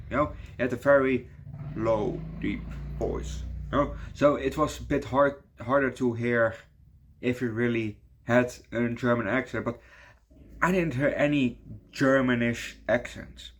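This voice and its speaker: Young Dutch-accented man, casual rambling movie reviewer, swears freely, medium pitch. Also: fairly even intonation, unhurried, fairly bright tone. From Netherlands. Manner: rambling, swears a lot, says "yo" often.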